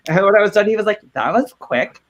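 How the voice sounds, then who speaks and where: A man in his late twenties swaps travel stories on a casual podcast. His voice sits a little high, and he tells each story with animated, profane energy. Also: fast talker, slight background noise, poor audio. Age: late 20s. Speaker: podcast co-host.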